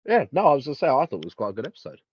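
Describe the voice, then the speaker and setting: A man's voice: medium pitch, racing, breathy edge, dry recording, dull audio. A young man co-hosting a podcast in casual chat, telling stories animatedly and acting out little asides. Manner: animated storytelling with acted-out asides. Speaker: podcast co-host.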